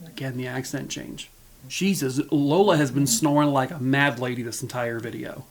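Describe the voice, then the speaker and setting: A man's voice: medium pitch, moderate pace. An American man hosting a true crime video, telling cases in a casual, rambling way with many fillers. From United States. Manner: rambling, lots of fillers and restarts.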